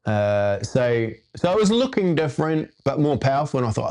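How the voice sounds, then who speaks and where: A man's voice: mid-range voice, big pitch swings, moderate pace, few pauses, a little mellow. A man hosting his own show, telling a personal story in a casual, rambling way with laid-back surfer slang. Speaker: host.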